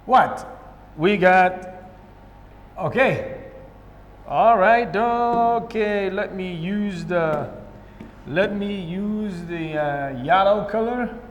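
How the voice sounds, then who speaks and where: A man's voice: sits high, extremely slow, pauses often, slight background noise. A male English teacher with a Somali accent, teaching grammar in a lesson, asking questions and answering them himself. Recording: echoey room with long reverb.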